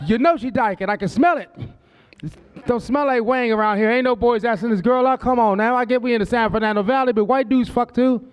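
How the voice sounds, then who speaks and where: A man's voice: very high voice, brisk, clean tone, dull audio. A man in his forties from Southern California doing a stand-up comedy set on a club stage. He tells brash, profane stories and slips into quoted voices. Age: 40s.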